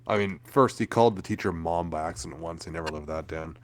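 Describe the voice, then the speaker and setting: A man's voice: sits low, fast talker, a little hiss or hum. A man co-hosting a podcast, telling laid-back anecdotes in casual chat. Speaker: podcast co-host.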